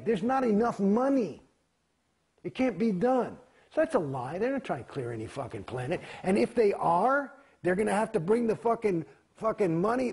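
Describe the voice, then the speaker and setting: Interviewee, male, profane and rambling, husky and croaky voice. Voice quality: gravelly, husky voice. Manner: profane, heated, rambling, swearing often. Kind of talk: candid interview, profane and emphatic. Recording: quiet, low-volume recording.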